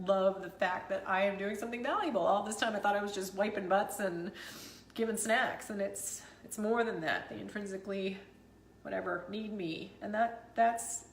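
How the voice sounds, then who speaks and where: This emotional vlog comes from a thirty-something mother recounting a difficult day, her pitch in the middle range. She's been crying and is still tearful, rambling, self-deprecating, and laughing through it all. The audio is reverberant with slight hiss or hum.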